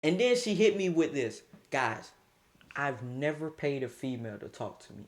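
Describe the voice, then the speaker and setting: Animated young man telling a wild story. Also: normal speed. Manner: animated, laughing, with sudden high-pitched outbursts. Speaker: streamer. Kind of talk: casual storytime livestream.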